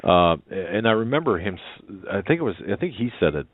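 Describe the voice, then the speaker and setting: Deep-voiced male radio host, phone-line sound. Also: sing-song, slightly rough, no echo. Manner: halting, with many fillers and restarts. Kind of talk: casual radio chat.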